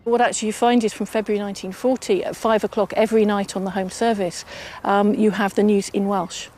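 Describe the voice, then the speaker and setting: A woman's voice: mid-range voice, level tone, brisk, a little mellow, a little hiss or hum. Woman historian explaining, with ums. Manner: fluent, explanatory, with filler ums. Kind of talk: interview answers.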